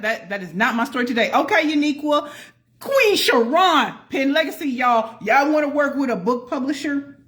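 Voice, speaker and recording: A woman hosting a casual live stream as a pitch coach, greeting viewers by name and calling out to the audience as y'all. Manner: folksy, addresses the audience as y'all.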